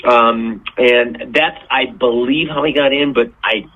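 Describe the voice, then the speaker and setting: A man, a touring rock bassist, chatting as a guest in a casual interview, a playful storyteller who hesitates with fillers. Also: fairly even intonation, unhurried. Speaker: touring bass player, guest. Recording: tinny phone line, faint hiss.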